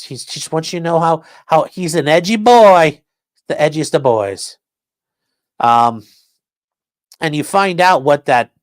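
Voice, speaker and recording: A man's voice: on the high side, no echo. A man hosting a casual crime livestream, sarcastic and profane, mocking his subjects and reading out chat comments. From rural area. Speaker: livestream host.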